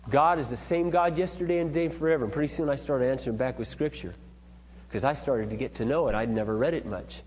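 A man's voice: mid-range voice, quick pace, in a large hall, lo-fi sound, slight background noise. A middle-aged man giving an earnest, emphatic, preachy talk on parenting, told through personal stories. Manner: earnest, emphatic, building to forceful points. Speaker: parenting speaker.

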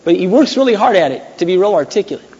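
Brief: male pastor, sermon, storytelling with forceful peaks, lo-fi 1980s church recording. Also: high-pitched, big pitch swings, fast talker, husky. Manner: conversational storytelling, rising to loud emphatic peaks. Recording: dull 1980s church recording with long hall echo.

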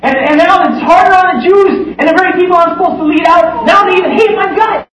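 A man voicing a distraught, pleading Moses with a whiny, high-pitched complaint, recorded from afar in a roomy space. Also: fast talker, fairly bright tone. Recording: distant roomy dull live recording with background noise.

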